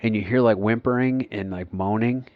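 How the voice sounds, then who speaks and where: Low-voiced older man, rambling chat. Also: moderate pace, no echo, narrow, tinny audio. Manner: rambling, many restarts and "you know"s. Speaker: podcast co-host. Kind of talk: casual chat.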